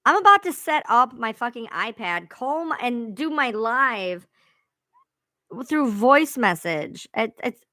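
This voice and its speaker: A woman rambles to her live-stream viewers in a high, bright voice. She talks casually, swears freely and laughs at herself. The sound is close and dry. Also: sing-song, slow, no room sound. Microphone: own streaming mic sounding odd.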